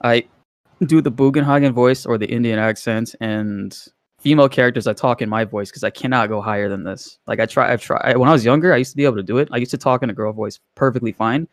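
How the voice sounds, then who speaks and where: A man's voice: medium pitch, fast, dry recording, studio quality. A man in a casual gaming chat, telling loose stories and laughing often.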